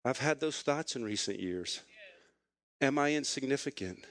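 A man's voice: mid-range voice, animated, moderate pace, fairly bright tone, no echo. Earnest, emotional middle-aged male pastor. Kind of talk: sermon with personal story.

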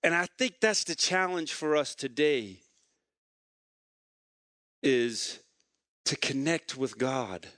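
A man's voice: mid-range voice, expressive, slow, pauses often, a bit bright, no echo, studio quality. A man preaching a sermon as a pastor, telling stories in a conversational way and repeating phrases for emphasis.

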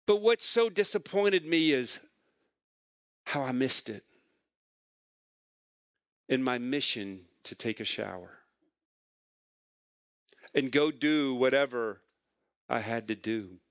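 A man's voice: mid-range voice, animated, slow pace, long pauses, dry recording, clean studio sound. A man preaching a sermon as a pastor, telling stories in a conversational way and repeating phrases for emphasis.

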